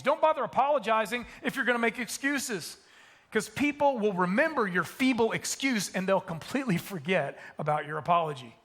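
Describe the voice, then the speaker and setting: A male pastor delivers a sermon from a church stage. His voice sits high and rings bright and forceful. He drives his points home by repeating them slowly.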